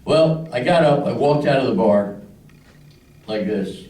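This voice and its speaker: A man's voice: medium pitch, expressive, unhurried, mellow, roomy sound, distant mic, slight background noise, rough recording. An older man from Philadelphia doing a crude stand-up routine, acting out the people in his stories. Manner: crude storytelling with voices for characters. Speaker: stand-up comedian. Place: club stage.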